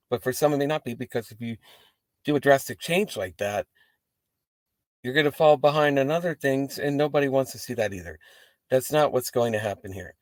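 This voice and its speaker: Sitting in his parked car, a man hosts a wrestling post-show, talking casually to the camera at a brisk clip. His ordinary middle-pitched voice rambles and swears, full of animated asides, and the sound is close and dry with no room echo.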